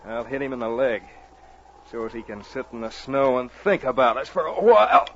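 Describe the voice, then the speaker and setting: A man's voice: mid-range voice, expressive, fairly quick, lightly acted. A hot-headed backwoods outlaw, played by a man, snarling his grudges in an old radio drama. The recording is dull and hissy. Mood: excited. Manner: snarling, folksy grammar. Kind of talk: 1940s radio acting.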